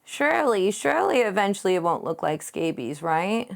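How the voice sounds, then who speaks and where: A woman's voice: sing-song, moderate pace, gravelly. A young woman streaming live while she paints, chatting casually with her viewers in a giggly, playful way and reading their messages aloud. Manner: giggly, playful, reads chat aloud and jumps in pitch.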